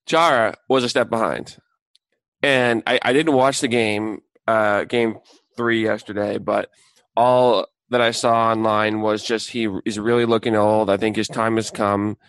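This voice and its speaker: A man's voice: fairly low pitch, steady tone, a little slow, fairly bright tone, clear, resonant tone, no echo. A man co-hosting a casual sports talk show, talking in a loose, hesitant way. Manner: hesitant, loose, full of fillers. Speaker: sports podcast co-host.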